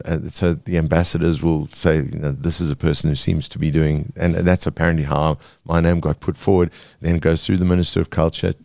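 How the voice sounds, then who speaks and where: A very low-voiced man speaks haltingly, full of fillers and restarts. His voice is close and dry, with no room sound. He talks as a podcast guest about his work. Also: gravelly, a little mellow, no echo. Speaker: guest cartoonist. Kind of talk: podcast interview.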